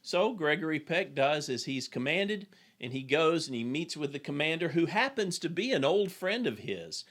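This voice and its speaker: A man's voice: fairly high pitch, big pitch swings, moderate pace, hardly any pauses, a bit bright. A man who is an executive coach, giving a recorded business lesson in an earnest, plain and direct storytelling manner.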